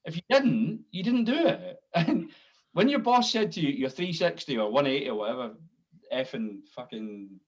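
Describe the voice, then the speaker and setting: On an online panel discussion, a man with a little high, expressive voice talks bluntly at a moderate pace, swearing now and then. He acts out quoted conversations with laughs, and the highs in the audio are cut off.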